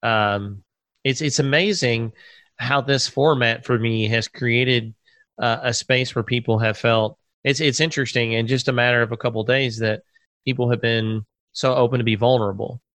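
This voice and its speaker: A man hosting a podcast interview, talking earnestly with many halting restarts. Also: medium pitch, fairly even intonation, fairly bright tone, no echo. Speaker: podcast host. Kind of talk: casual interview chat.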